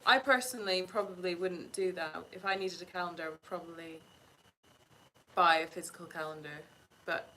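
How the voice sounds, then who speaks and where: A woman's voice: lowish voice, fairly even intonation, a little fast, sharp tone, a little hiss or hum, poor audio. A woman co-hosting a casual livestream, reading viewer comments aloud and chiming in with short remarks. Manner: reads comments aloud, chimes in briefly.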